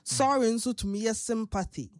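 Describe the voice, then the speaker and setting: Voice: medium pitch, moderate pace, no room sound, studio quality. A host with a Ghanaian accent, patiently explaining words in a casual chat and mixing in English.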